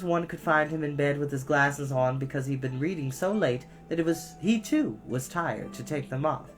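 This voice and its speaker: A storyteller reading a children's book aloud, pausing to cough and apologize. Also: medium pitch. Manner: expressive, with frequent coughs and apologies.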